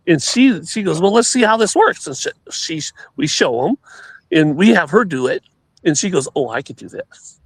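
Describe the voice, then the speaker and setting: A man's voice: medium pitch, creaky, no room sound. A man telling stories in casual chat on a show, rambling with many restarts and laughs.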